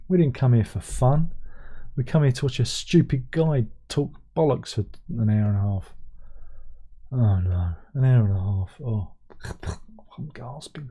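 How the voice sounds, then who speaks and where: A man's voice: medium pitch, warm tone, breathy edge. A man voicing a grumbling, impatient male stream viewer who complains in an exasperated, mock-dramatic way.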